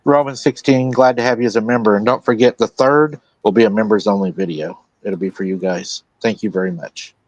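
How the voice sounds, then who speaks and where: A man's voice: fairly low pitch, brisk, few pauses, no room sound, highs cut off. Man hosting a live stream, dry sound. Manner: relaxed retelling of a witness's account, with quoted lines. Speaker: host.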